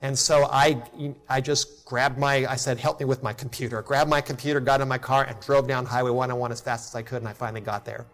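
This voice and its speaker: A middle-aged man preaching a sermon to a congregation, telling a personal story in an earnest way that drops to a hush at tender moments. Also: mid-range voice, flat delivery, brisk, hardly any pauses. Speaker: pastor.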